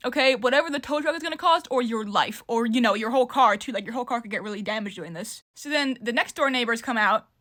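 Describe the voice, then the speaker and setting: Bright fast-talking young woman storyteller. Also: on the high side. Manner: rambling, filler-heavy retelling. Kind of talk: casual storytime vlog.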